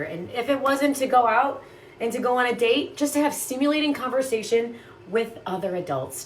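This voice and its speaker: A young woman in a casual ranting monologue, exasperated and swearing freely, her pitch jumping up and down. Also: a little hiss or hum. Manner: exasperated, swears a lot, quick shifts in pitch. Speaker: TikTok creator.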